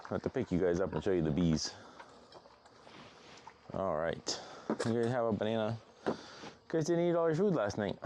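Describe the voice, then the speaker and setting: A man's voice: fairly low pitch, normal speed, long pauses, darkish tone, slight background noise. A man hosting a casual vlog outdoors on a small farm, chatting along and cooing at his animals in playful baby talk. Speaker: homesteading channel host.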